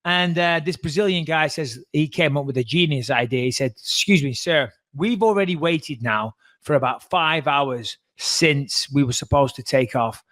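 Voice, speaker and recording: A man co-hosting a podcast, telling a story in a casual, animated way, swearing freely and acting out the voices of the people he quotes. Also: a little high, moderate pace, hardly any pauses, no room sound. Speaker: podcast co-host.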